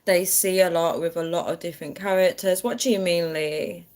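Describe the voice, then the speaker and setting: A woman's voice: on the low side, lively intonation, a little slow, pauses often. Chatty woman on a phone livestream. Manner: chatty, keeps addressing viewers as guys, laughs often. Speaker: livestream host. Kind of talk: casual livestream chat.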